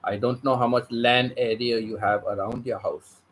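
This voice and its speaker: A man's voice: mid-range voice, fairly even intonation, moderate pace, a bit bright, slight background noise, rough recording. Emphatic man repeating himself. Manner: emphatic, repeats phrases for stress. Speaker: vlogger. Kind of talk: casual storytelling vlog.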